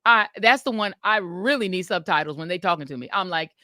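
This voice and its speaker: A woman co-hosting a podcast, chatting casually and telling stories in an animated, emphatic way. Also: lowish voice, a little fast, no echo, clean studio sound. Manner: animated, emphatic storytelling with laughs. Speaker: podcast co-host. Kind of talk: casual chat.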